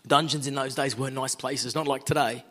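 A man's voice: mid-range voice, fairly even intonation, brisk, pushed and bright. A middle-aged Australian man giving an earnest, conversational sermon-style talk as a guest speaker. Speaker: guest speaker, law firm owner.

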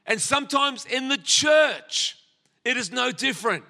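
An Australian man in his sixties delivers a sermon, weaving personal stories and jokes aimed at the people in front of him. His voice sits high for a man. It has a sharp, very bright edge. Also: animated, unhurried, creaky. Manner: storytelling with humor, addressing the congregation.

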